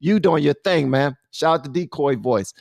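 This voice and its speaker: A man hosting a casual reaction commentary, playful and animated, talking straight to his viewers. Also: on the high side, normal speed, vocal fry, no echo. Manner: animated, playful, talks to the audience directly. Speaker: commentary channel host.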